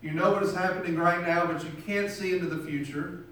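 A man's voice: sits high, steady tone, fairly quick, fairly bright tone. A man preaching a sermon and telling illustrations, acting out the voices of the people in his stories. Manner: storytelling, acts out quoted voices. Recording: very echoey room from far off.

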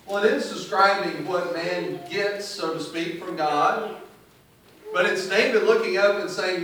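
A male preacher delivers an emphatic sermon, moving between read scripture and plain everyday paraphrase. His voice sits a little high for a man. It rings through a very echoey space from a mic set well back, with a faint hiss underneath. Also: unhurried, pauses often, a bit bright, recorded from a distance. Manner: emphatic, reads scripture aloud then paraphrases it conversationally.

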